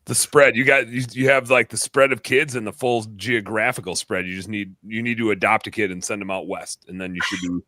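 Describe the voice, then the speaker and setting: A man in his thirties from Wisconsin, hosting a podcast in a rambling, animated chat. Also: on the low side, fairly quick, few pauses, no echo, studio quality. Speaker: podcast host. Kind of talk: casual chat.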